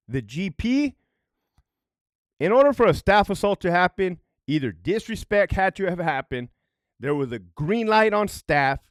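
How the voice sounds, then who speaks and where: This man's voice sits high, captured at studio quality with no room sound. Once a correctional officer and now middle-aged, he delivers storytime commentary about prison, swearing, getting animated and worked up, and asking "right?" again and again.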